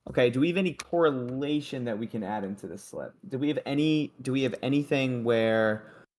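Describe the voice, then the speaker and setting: A man's voice: mid-range voice, a little fast, a little mellow. A young man hosting a sports betting livestream, chatting loosely and joking with his co-host and the chat.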